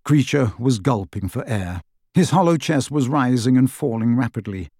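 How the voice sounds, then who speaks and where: Here a man reads a fantasy novel aloud as an audiobook narrator, following the script at a measured, expressive pace. Clean studio sound and a dry recording capture his medium-pitched voice.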